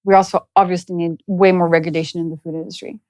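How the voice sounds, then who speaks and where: A woman in her thirties from France with a French accent, a guest in an interview, speaking quickly, directly and assertively. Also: fairly low pitch, flat delivery, a little mellow, no room sound, studio quality. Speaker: guest, nutrition educator. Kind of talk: casual interview chat.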